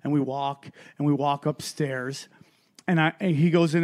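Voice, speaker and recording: Profane, rambling comic telling a story. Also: male voice, on the high side, fairly even intonation, moderate pace, a little mellow. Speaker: comedian guest. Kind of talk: casual storytelling.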